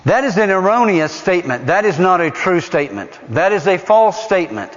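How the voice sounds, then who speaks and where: A man's voice: sits high, sing-song, fairly quick. A man preaching a sermon, emphatic and repetitive, putting questions to the congregation. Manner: emphatic, repeats phrases for stress; asks the audience rhetorical questions. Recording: dull sound with long hall reverb.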